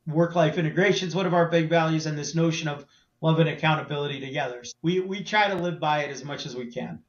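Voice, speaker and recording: An animated man speaks as a guest on an interview show, slipping into the voices of the people he quotes. His voice sits a little high for a man. The recording is roomy and slightly dull. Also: fast talker. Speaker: CEO guest. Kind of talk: casual interview storytelling.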